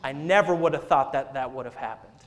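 Speaking a little fast at medium pitch, the senior associate pastor, in his thirties, delivers a sermon in the church sanctuary. He weaves in a story and keeps things playful, joking and laughing along with the congregation.

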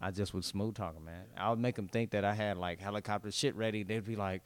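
A young adult man from Los Angeles, a comedian guesting on a podcast, telling stories casually, animated and swearing a lot. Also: fairly low pitch, fast, smooth, no room sound. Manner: animated, swears a lot, acts out shouting characters. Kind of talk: casual storytelling.

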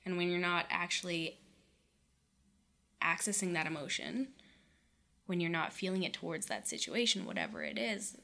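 A woman in casual conversation who calmly explains ideas and backs up the other speaker with short agreements. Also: lowish voice, moderate pace, vocal fry, long pauses. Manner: supportive, short affirmations and calm explaining. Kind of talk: casual chat.

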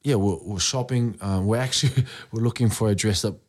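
A man's voice: lowish voice, brisk, a little mellow. Playful man telling a story. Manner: playful, acts out his own lines. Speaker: podcast co-host. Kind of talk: casual storytelling chat.

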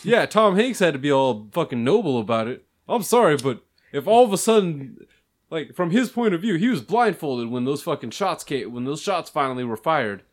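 Loud, animated young man in crude chat. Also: on the high side, normal speed. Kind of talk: casual profane chat.

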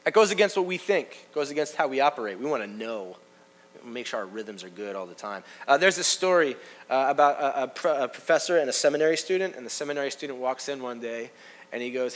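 A man preaching a sermon in a conversational way, talking straight to the congregation and swinging from loud emphasis to hushed asides. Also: medium pitch, lively intonation, fast. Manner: conversational, addresses the congregation directly. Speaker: pastor.

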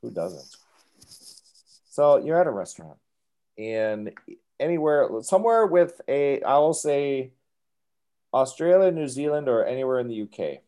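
A man's voice: medium pitch, sing-song, measured pace, pauses often, mellow. A man hosting a casual podcast and running a playful quiz game, teasing his guests. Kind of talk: casual chat.

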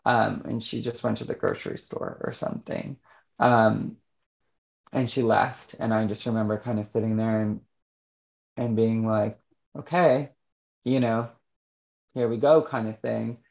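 A man, an author and interview guest, speaking candidly and reflectively, often pausing and restarting his sentences. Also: lowish voice, fairly even intonation, gravelly, a little mellow. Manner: reflective and halting, with frequent restarts.

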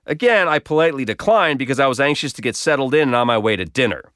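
A man tells a personal story with wry, self-deprecating humor, his pitch rising and falling freely as he goes. The recording is dry and close, with no room echo around him. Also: expressive, fast, fairly bright tone, smooth. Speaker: blog storyteller.

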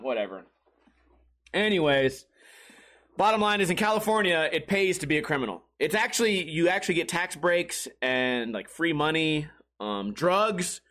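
A young man with a high voice chatting on a comedy podcast. He is animated and profane, laughs often, and breaks into sudden shrill exclamations. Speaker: podcast co-host. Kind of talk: casual comedic chat.

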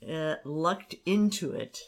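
Halting, hesitant talk-show co-host. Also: medium pitch, animated, creaky. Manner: hesitant, halting, with many fillers. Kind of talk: casual conversational chat.

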